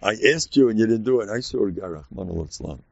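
A man teaching a Torah class in a lively way, acting out quoted voices and laughing often. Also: fairly low pitch, fast talker, creaky, dull audio.

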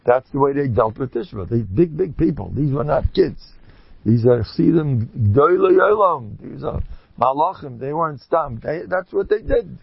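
Man, religious speaker, husky, self-mocking humor with high exclamations, dry and dull recording. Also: no echo. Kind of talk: informal religious talk.

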